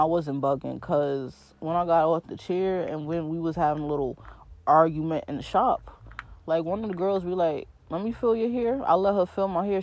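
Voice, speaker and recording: A woman in her twenties with a New York accent, hosting her podcast and telling a story in a slangy, animated way, speaking straight to her listeners. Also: low voice. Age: 20s. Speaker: podcast host. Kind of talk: casual storytelling rant.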